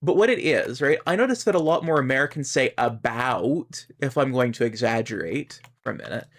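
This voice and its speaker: A man's voice: medium pitch, lively intonation, brisk. A Canadian man chatting casually on a live game stream, rambling as he explains how words are pronounced. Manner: rambling, explains pronunciation to chat. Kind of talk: casual live-stream chat while gaming.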